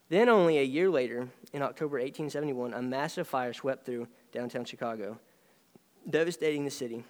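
A man preaching a sermon, earnest and emphatic, swinging between raised lines and quiet ones. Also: mid-range voice, long reverb tail. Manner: earnest, rising and dropping emphasis.

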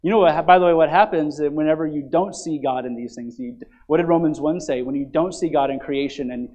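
A pastor in full sermon mode, his fairly high voice sinking to near-whispered asides before climbing into loud, driving emphasis. He talks to the congregation directly, tossing in quick "right?" and "you see?" checks. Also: highs cut off. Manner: swings from soft and low to loud and emphatic preaching.

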